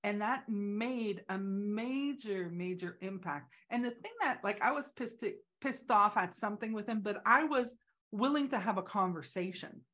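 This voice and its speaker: Her voice is medium in pitch and a bit bright as she converses in a casual, reflective way. She stops and restarts frequently and performs the voices of the people she's quoting.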